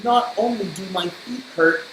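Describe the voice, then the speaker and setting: A woman reading a storybook aloud, voicing a fussy, high-strung male toad who whines and wails in a squeaky voice. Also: measured pace, fairly bright tone, natural voice. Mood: upset. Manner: squeaky, wailing and complaining. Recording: roomy echo, faint hiss.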